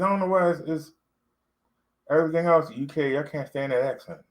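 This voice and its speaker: A man's voice: medium pitch, quick pace, low-quality recording. A man, talking to camera in a loose, rambling vlog, full of fillers and repeats. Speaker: vlogger. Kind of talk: casual talk to camera.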